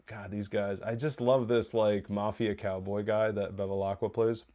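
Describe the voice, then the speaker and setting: A man hosts a TV review podcast, recapping an episode casually in a chatty, rambling way. He often corrects himself and laughs. His lowish, mellow voice moves at a moderate pace with little change in pitch.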